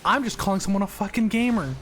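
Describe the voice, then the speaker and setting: A man streaming games, chatting casually with friends on a call, loud and animated, swearing freely. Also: sits high, fast talker, a little hiss or hum. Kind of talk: casual chat while gaming.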